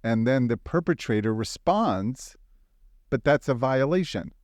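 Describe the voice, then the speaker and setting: A man's voice: mid-range voice, lively intonation, unhurried, darkish tone, no room sound, studio quality. A man hosting a legal podcast, asking long, lawyerly clarifying questions. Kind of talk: podcast interview.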